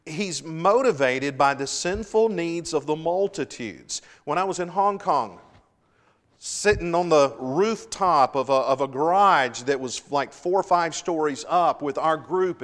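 A middle-aged male pastor delivers an earnest sermon, letting his voice rise for emphasis and fall back to a quiet, reflective tone. His voice carries a long reverb tail from a large hall. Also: on the high side, lively intonation. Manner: earnest preaching with swells of emphasis and dramatic pauses.

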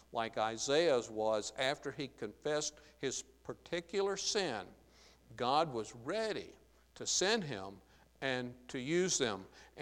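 A man preaching a sermon in an earnest, emphatic way, his voice rising when he quotes Scripture. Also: medium pitch. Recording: long reverb of a large hall.

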